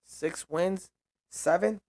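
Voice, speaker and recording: A man's voice: high voice, slow, darkish tone, no echo. A young man hosting a sports show, making casual predictions alone, with loose, repetitive trash talk and free swearing.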